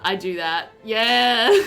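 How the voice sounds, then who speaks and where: A woman's voice: on the high side, sing-song, very slow, creaky, a bit bright, faint music behind. A woman chatting casually while streaming a game, reading chat aloud and laughing often.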